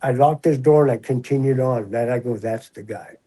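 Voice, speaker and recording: A man in his sixties, a retired prison officer, telling stories in a relaxed, chatty way and acting out the voices of others. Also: mid-range voice, brisk, breathy edge, rough recording. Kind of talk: casual storytelling.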